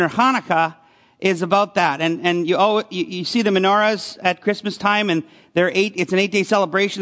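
A man's voice: sits high, fairly bright tone, big-room sound. A man preaching a conversational sermon as a pastor, often asking his listeners questions. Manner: conversational, asks the congregation questions.

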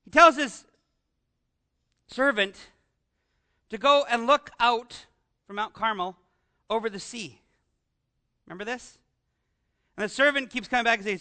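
High, bright-voiced preacher. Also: male voice, normal speed, long pauses. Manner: animated, asks the congregation rhetorical questions. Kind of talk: conversational sermon. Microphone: amplified microphone with some feedback.

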